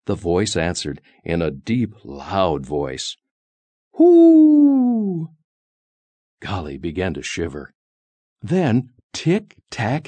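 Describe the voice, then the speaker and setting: A man reading a children's story aloud in an animated, sing-song way, putting on high squeaky voices for the characters. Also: breathy edge, no echo.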